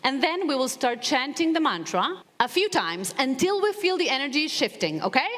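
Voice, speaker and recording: A woman's voice: high voice, moderate pace. A woman motivational speaker giving a live talk to an audience, telling stories and acting out dialogue with animation. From Latin America. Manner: animated storytelling, acts out dialogue. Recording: hall reverb from a live stage.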